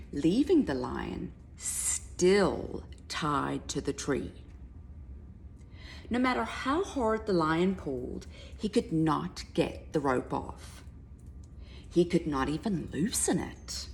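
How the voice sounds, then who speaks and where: A woman reading a children's picture book aloud to a child, narrating softly and often dropping to a whisper. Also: lowish voice, creaky, slight background noise. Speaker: reader to a child.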